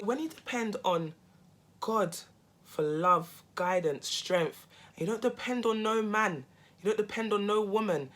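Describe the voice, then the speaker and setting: Bright-voiced woman, emphatic vlog talk. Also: mid-range voice, a little slow. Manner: emphatic, repeats "okay?" and "right?"; bursts into loud laughing asides. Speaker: self-help vlogger. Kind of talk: casual monologue to camera.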